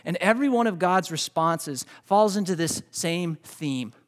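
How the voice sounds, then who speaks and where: A pastor with a notably high voice for a man delivers a sermon in a loose, storytelling style. He often stumbles and restarts words, talking straight to the people in the pews. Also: animated, measured pace. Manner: conversational storytelling, repeats words; addresses congregation directly.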